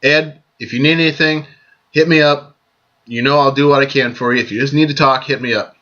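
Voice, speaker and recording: A man hosting a casual vlog, giving friendly, joking birthday shout-outs to friends and often repeating himself as he goes. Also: mid-range voice, steady tone, brisk. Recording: dull lo-fi sound.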